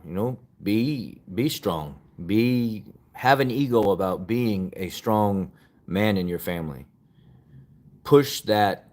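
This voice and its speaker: A man with a very deep, low voice talks in a casual podcast style. He presses his points earnestly, repeating short phrases, and admits to getting emotional along the way. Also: a little mellow. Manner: earnest, repetitive motivational urging; openly emotional, laughs at himself. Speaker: podcast host. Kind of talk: casual opinion talk.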